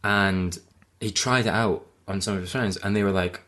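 Brief: young guy, lowish voice, rambling storyteller in a relaxed chat. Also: moderate pace. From Scotland. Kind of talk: casual chat.

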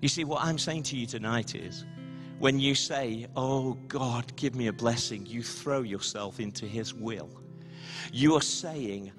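Man pastor, slow emphatic sermon, reverberant church hall with faint music behind. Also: mid-range voice. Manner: slow emphatic preaching, leads repeat-after-me prayers. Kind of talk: sermon with call-and-response prayer. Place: church hall, live-streamed service.

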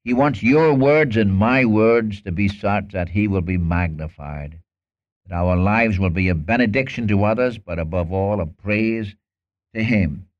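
A man preaching in an earnest, pleading manner, his voice sitting a little low. He breaks into acted Bible dialogue as he goes. The recording sounds dull and lo-fi. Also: unhurried. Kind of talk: sermon.

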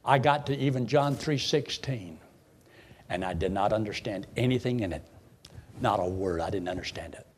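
A man, a preacher telling his conversion story in a folksy way, swinging from loud bursts to hushed lows. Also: moderate pace, slight background noise. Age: 70s. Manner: folksy storytelling with sudden emotional swells and hushed drops. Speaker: preacher giving his testimony. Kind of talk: sermon testimony.

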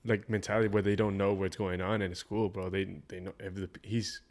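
A young man hosting a casual podcast, relaxed and chiming in with his own comments. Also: sits low, fairly quick. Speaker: podcast host.

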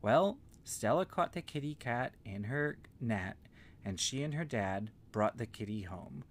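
A man telling an improvised bedtime story to a child in a gentle, meandering way with simple words. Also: mid-range voice, lively intonation, unhurried, a little hiss or hum.

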